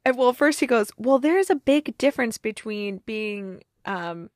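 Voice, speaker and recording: A woman hosting a movie review show, recapping a plot in a casual, animated way, laughing often and saying "like" a lot. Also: on the high side, measured pace, no room sound, clean studio sound. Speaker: movie review podcast host.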